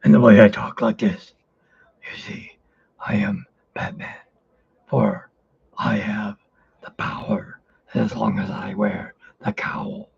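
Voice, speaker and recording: A man doing an impression of a grim caped vigilante in a slow, strained, whispery growl. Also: on the low side, fairly even intonation, vocal fry, darkish tone, dull audio, slight background noise, full character voice. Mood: gruff. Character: grim gravel-voiced male caped vigilante.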